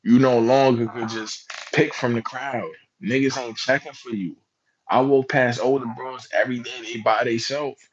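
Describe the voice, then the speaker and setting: A man delivers reaction commentary in an emphatic, slangy way, leaning on rhetorical questions. His voice sits at an ordinary middle pitch. The recording is a little dull and lo-fi. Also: steady tone, normal speed, a crowd in the background. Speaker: commentary vlogger.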